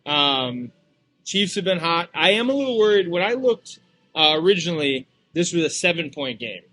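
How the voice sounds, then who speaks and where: A man's voice: fairly high pitch, very animated, normal speed, bright, forceful tone. A man co-hosting a sports talk show, speaking casually with hesitant fillers. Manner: hesitant, many fillers and restarts. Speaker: co-host and casino representative. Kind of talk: casual chat.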